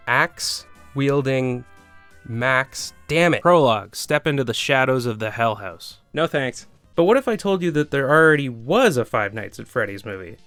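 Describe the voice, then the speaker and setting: A man's voice: medium pitch, fairly bright tone, no echo. A man delivering scripted comedic video game commentary, sarcastic and prone to swearing rants. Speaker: gaming video host.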